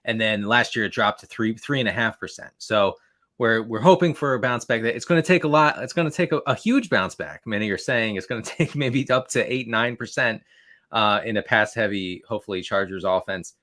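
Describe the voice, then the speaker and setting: A man's voice: on the low side, a little fast, pushed and bright. A man guesting on a fantasy football podcast, rambling and repeating words as he talks. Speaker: guest analyst.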